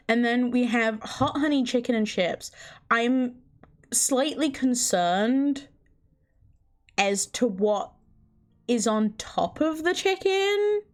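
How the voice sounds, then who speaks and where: A woman livestreamer chatting casually, incredulous and chatty, swearing often. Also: high voice. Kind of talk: casual stream chat.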